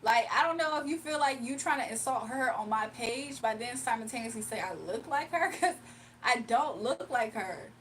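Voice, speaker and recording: Chatting casually on a livestream from her home, a young Southern-accented woman reads comments aloud and laughs often. This livestreamer and spiritual reader has a fairly high, animated, fairly bright voice at normal speed, though the recording is rough, with a distant mic and slight background noise.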